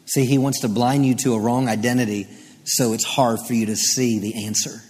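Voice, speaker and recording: A male pastor preaching a sermon, moving from quiet teaching to rising, emphatic delivery. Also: medium pitch, fairly even intonation, normal speed, a little hiss or hum. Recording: long hall reverb.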